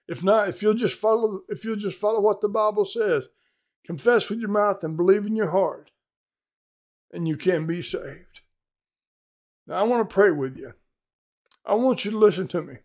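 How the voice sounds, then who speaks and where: An older man preaching with a high-pitched voice. He is fervent and emphatic, and speaks plainly straight into a webcam. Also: moderate pace, pauses often, a little mellow. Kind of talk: evangelistic sermon.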